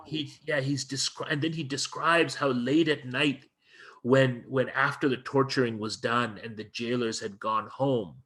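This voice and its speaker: Guy guest on an interview, earnest storyteller, mid-pitch voice, keeps restarting and pushing on. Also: fairly even intonation, unhurried, a bit bright. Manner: earnest, emphatic retelling with frequent restarts. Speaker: guest lecturer.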